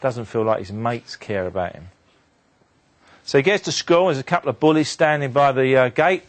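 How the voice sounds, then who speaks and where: A man giving a motivational talk to an audience, telling a story in an animated way and dropping his voice low and quiet for the sad moments. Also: moderate pace, noisy background. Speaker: motivational speaker.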